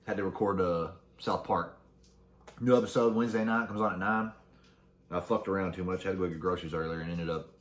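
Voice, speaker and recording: A man's voice: sits low, roomy sound. A man hosting a casual solo podcast, reading facts aloud and cracking crude jokes along the way. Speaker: podcast host.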